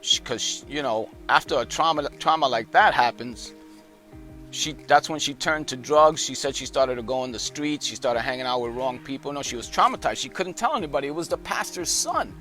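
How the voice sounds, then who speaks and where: A man's voice: medium pitch, lively intonation, normal speed, pushed and bright, faint music behind. Emphatic evangelist man telling a testimony. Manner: emphatic storytelling with rising intensity. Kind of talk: preaching a testimony story.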